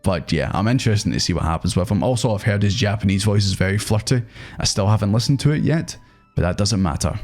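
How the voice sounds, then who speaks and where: A man's voice: lowish voice, lively intonation, fast talker, soft background music. A young man chatting casually and animatedly as he ranks game characters, swearing now and then. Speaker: gaming video host. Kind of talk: casual tier-list commentary.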